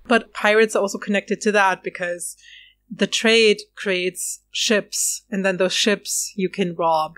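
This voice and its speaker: A woman co-host on a podcast explains history at length, citing her sources as she goes. Her voice sits at a middle pitch and her delivery is conversational, with laughs coming easily. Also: fairly even intonation, slow, a bit bright. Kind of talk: casual podcast discussion.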